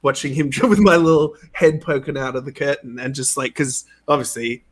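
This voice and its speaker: A man, a game creator being interviewed, telling stories in a casual, animated way, laughing often and saying "like" a lot. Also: mid-range voice, fairly quick. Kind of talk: casual storytelling.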